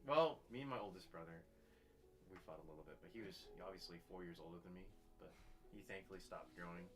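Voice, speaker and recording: Jeune homme à la voix très grave. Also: male voice, deep voice, fast. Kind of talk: casual chat. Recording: music playing behind. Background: music.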